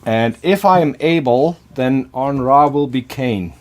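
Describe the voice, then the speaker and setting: A man whose first language is Dutch chats on a casual podcast panel. He speaks haltingly, repeating words and filling pauses with "uh". His pitch sits mid-range for a man.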